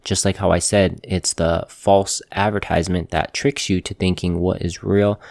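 Deep, gravelly man giving earnest advice. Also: normal speed, no room sound, studio quality. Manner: calm, earnest, plainspoken; repeats phrases for emphasis. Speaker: tattoo artist, show host. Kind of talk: motivational talk to camera.

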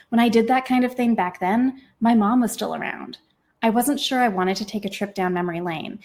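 A woman author and podcast host reading her own novel aloud with expressive, lively storytelling. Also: medium pitch.

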